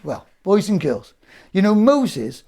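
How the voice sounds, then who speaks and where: A man presenting a Bible story to children, patient and gently scolding his puppet partner. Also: high voice, sing-song, takes it slowly.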